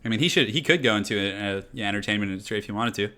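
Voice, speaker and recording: Bright-voiced chatty male game streamer. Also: fairly low pitch, rapid-fire. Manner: chatty, thinks aloud, laughs often. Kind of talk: casual live-stream commentary.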